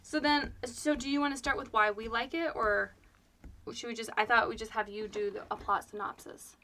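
Woman co-host, bubbly casual chat, bright and fairly high voice. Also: steady tone, normal speed, slight background noise. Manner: chatty, bubbly, giggly. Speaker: podcast co-host.

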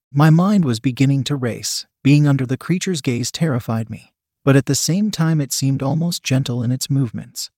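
A man reading a first-person story aloud with steady, even narration. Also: medium pitch, no echo, clean studio sound. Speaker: reader.

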